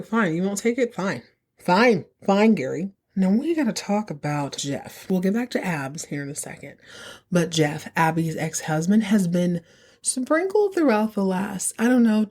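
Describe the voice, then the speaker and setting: A woman hosting a podcast, recapping episodes in a chatty, sassy way with quick asides. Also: medium pitch, warm tone. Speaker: podcast host.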